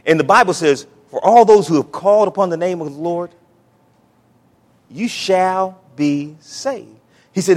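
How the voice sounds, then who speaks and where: A male pastor preaching a sermon, with dramatic swings from hushed, drawn-out lines to loud exclamations. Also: sits high.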